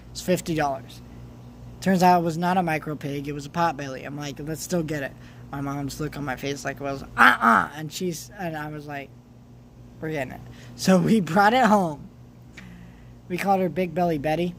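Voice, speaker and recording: A young vlogger telling a rambling home story in casual chat, with many restarts and animated swings between loud bursts and quiet asides. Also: mid-range voice, a little hiss or hum.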